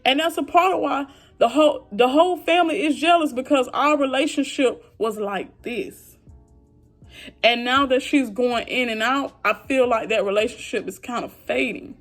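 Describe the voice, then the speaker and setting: In a high-sitting voice at normal speed, a young woman vlogger vents to her viewers about family trouble. She sounds frustrated and heartfelt, talking directly and casually to the camera over soft background music.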